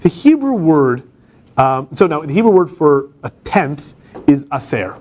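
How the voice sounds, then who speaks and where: A man's voice: a little high, big pitch swings, unhurried, darkish tone. A man, a campus rabbi, giving an informal classroom lecture, talking conversationally and putting questions to the class. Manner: conversational, asks the class questions, frequent restarts. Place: law school classroom.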